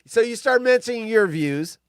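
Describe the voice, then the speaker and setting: A man's voice: very high voice, animated, moderate pace, clear, resonant tone, dry recording. A man hosting a casual livestream chat, prodding his guest with questions. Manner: prodding questions, chuckling interjections. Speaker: host.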